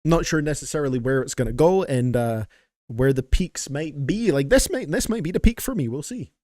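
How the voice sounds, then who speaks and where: A man's voice: on the high side, animated, brisk, mellow, dry recording, clean studio sound. A man hosting a live stream, reacting to submitted songs in a casual, joking way and chatting with his viewers. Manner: playful and joking, laughs often, chats with viewers. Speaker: streamer reacting to music requests. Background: faint music playing.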